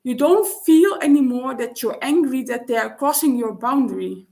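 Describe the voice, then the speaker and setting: Halting woman, slightly high. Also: creaky, warm tone. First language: Dutch. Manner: halting, searching for words with frequent restarts. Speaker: vlogger. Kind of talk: personal reflective monologue.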